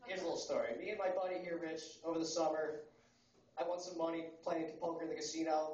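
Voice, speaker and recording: A man in his twenties from the United States doing a stand-up comedy set at a coffee house, talking fast and crudely with rambling fillers. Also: a little high, little pitch movement, a little mellow. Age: 20s. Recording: roomy, distant, muffled live recording.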